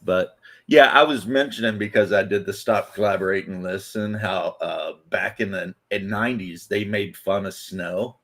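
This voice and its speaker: A man's voice: low voice, normal speed, few pauses, fairly bright tone. A man hosting a casual podcast chat, rambling and laughing as he talks. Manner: rambling, laughs often, loose fillers. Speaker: podcast host.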